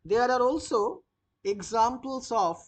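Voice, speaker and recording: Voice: medium pitch, expressive, takes it slowly. A teacher dictating notes for a literature lesson, repeating each phrase and spelling out words letter by letter. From India. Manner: frequent "uh" fillers when explaining.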